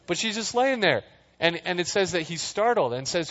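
A man's voice: high-pitched, lively intonation, a little fast, a bit bright. A man preaching a casual sermon, reading scripture and joking through the story in a chatty way, sometimes acting out the voices. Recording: dull sound, long hall reverb.

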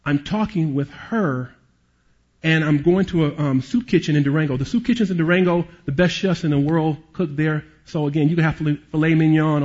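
Guy preaching, husky kinda high voice, muffled lo-fi recording, tells stories big then goes real quiet. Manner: animated storyteller, drops to hushed tones for emotional moments. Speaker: pastor and police chaplain. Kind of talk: sermon with storytelling.

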